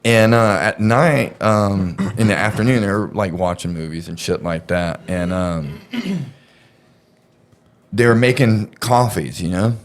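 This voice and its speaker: A man's voice: lowish voice, slow pace. A man casually telling a story on a podcast, rambling and profane, with lots of fillers.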